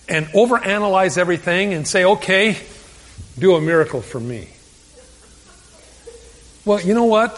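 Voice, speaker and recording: A man's voice: sits high, in a large hall. A man preaching a sermon as a pastor, earnest and conversational, often stumbling and restarting his words.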